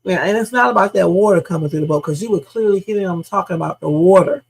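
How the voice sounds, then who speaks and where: A woman's voice: fairly low pitch, fast talker, vocal fry, slightly rough, low-quality recording. A woman hosting a live reaction stream, speculating emphatically with casual slang and repeating her points. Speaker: livestream host.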